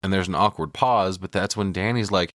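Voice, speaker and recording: A man's voice: low-pitched, a little fast, fairly bright tone, dry recording, studio quality. A man co-hosting a podcast, casually recapping a film scene by scene, profane, slipping into quoted lines. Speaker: podcast co-host. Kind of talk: casual movie recap chat.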